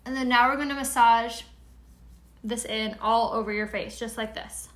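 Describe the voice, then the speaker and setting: Bright-voiced chatty woman from San Diego. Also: on the high side, fairly even intonation. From San Diego, California. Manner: chatty, rambling, quick asides to viewers. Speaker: beauty product seller and live-streamer. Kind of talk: casual live-streamed makeup tutorial.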